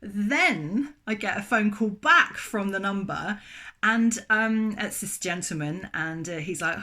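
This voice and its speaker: A middle-aged woman telling a story in a casual, chatty way, full of fillers and lively retellings. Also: a little high, unhurried. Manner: chatty, animated, many fillers. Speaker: vlogger.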